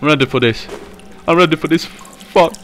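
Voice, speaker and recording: Panicky high-voiced young man screaming. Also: normal speed. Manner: panicky, swears and screams often. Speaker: gaming YouTuber. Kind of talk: horror game playthrough commentary.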